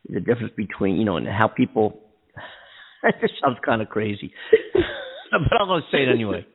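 Co-host, male, husky gravelly voice, rambling, heard over a tinny phone line. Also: lowish voice, big pitch swings, normal speed. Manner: rambling, many restarts and fillers. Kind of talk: casual call-in chat.

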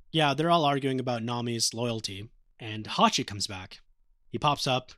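A man's voice: mid-range voice, normal speed, a bit bright, dry recording, clean studio sound. Casual man recapping anime episodes. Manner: casual, profane retelling, acting out quotes. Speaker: podcast co-host.

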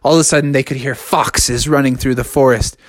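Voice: mid-range voice, a little fast. A storyteller improvising a silly spoken story, rambling playfully from one "and then" to the next. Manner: playful, animated, rambling narration with run-on "and then".

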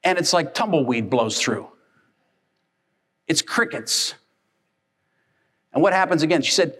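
High-voiced animated male preacher. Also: measured pace, pauses often. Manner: animated storytelling, acting out family members. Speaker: pastor. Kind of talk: sermon.

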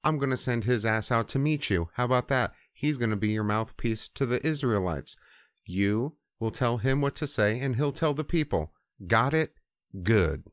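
A man's voice: on the low side, lively intonation, a little slow, dry recording, studio quality. A man voicing God as a blunt, impatient figure who talks in casual modern slang and swears.

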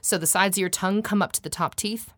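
A woman who is a trained actor and accent coach, chatting animatedly, quick to laugh, and demonstrating sounds as she explains them. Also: medium pitch, fairly bright tone, dry recording, studio quality.

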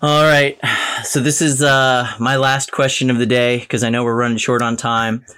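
Relaxed male podcast host. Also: mid-range voice, moderate pace, smooth. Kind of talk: casual interview.

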